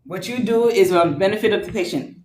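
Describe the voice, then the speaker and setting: A woman's voice: medium pitch, fairly quick, a little mellow. A woman teaching a nursing class, lecturing and teasing her students in a playful way. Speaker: nursing instructor. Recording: echoey classroom from far off, faint noise.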